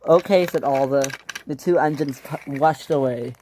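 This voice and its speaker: A storyteller narrating a home-made toy train adventure, with halting restarts and filler words. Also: mid-range voice, steady tone, background noise.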